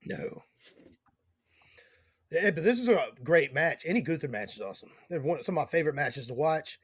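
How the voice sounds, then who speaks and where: A man's voice: fairly high pitch, animated, moderate pace, breathy edge, no echo, clean studio sound. A man hosting a casual chat, joking around and swearing freely. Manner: profane, joking.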